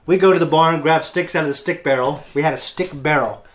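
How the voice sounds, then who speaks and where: A young man hosting a reaction show, telling a long story in a casual, animated way with frequent laughs. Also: on the high side, fairly quick, a little hiss or hum. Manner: animated, laughs often, acts out other voices.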